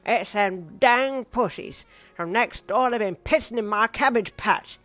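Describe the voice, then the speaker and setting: A woman's voice: on the high side, unhurried, fairly bright tone, no echo, faint music behind, pitched above the performer's own voice. A woman voicing a cranky elderly grandfather in a wobbly, warbling old man voice, reading a fan fiction audiobook. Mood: fuming.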